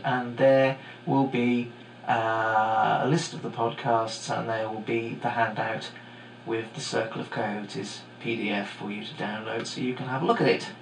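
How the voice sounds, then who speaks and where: A middle-aged man rambles through a podcast monologue in a gravelly voice, full of fillers and digressions. His voice echoes in the room, and a faint hum sits underneath. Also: medium pitch. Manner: casual, digressive, many fillers. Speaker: podcast host and teacher. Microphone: home microphone.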